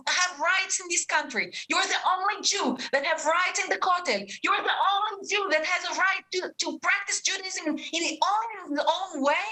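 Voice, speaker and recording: A woman's voice: very high voice, moderate pace, hardly any pauses, sharp tone. A middle-aged woman with an Israeli accent arguing in a heated televised debate, indignant and stumbling over her words. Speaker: debate guest.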